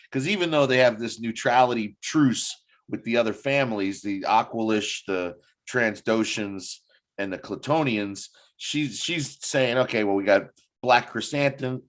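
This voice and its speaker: A man hosting a casual review chat, animated, laughing often and talking his way through each scene. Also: medium pitch. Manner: animated, laughs often, jumps into quoted voices. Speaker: podcast host.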